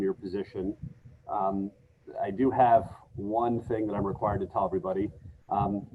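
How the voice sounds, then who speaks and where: A judge with a lowish voice reads out courtroom advisals in a formal, measured way, pausing often on fillers. His voice comes through a thin, phone-like line. A faint hiss sits under it. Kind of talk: presiding over a remote court hearing.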